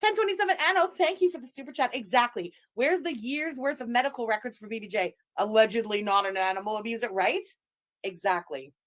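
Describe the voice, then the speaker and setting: A woman's voice: a little high, quick pace, fairly bright tone. Gleeful mocking woman streamer. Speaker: streamer reacting to a clip. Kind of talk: livestream reaction commentary.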